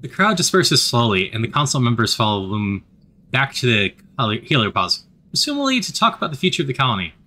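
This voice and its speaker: A man reads a story game aloud in an animated, expressive way. His voice is bright and forward, with lively swings in pitch. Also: fast. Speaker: narrator.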